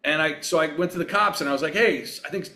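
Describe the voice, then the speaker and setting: A man in his sixties from Long Island, a guest on a podcast, telling relaxed, rambling anecdotes with plenty of fillers. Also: on the high side, racing. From Long Island, New York. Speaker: guest actor. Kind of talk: relaxed storytelling in a podcast interview.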